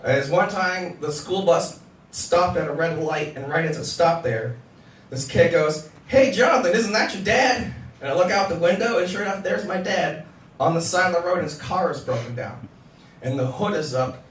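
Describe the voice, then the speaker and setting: A man doing a stand-up comedy set, animated and swearing, shouting his punchlines. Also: on the high side, normal speed. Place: comedy club stage before a packed crowd. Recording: echoey club audio from far off. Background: audience laughter.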